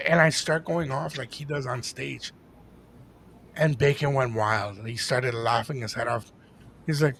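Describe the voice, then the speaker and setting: A man co-hosting a podcast, telling a story in a casual, animated way and dropping into Spanish now and then. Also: medium pitch, measured pace, creaky. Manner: animated, jumps into impressions, code-switches into Spanish. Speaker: podcast co-host and DJ.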